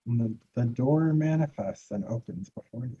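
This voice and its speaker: A man narrates a tabletop game as its game master, dry and teasing. His voice is very dark and husky. The sound is muffled and lo-fi. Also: mid-range voice, moderate pace.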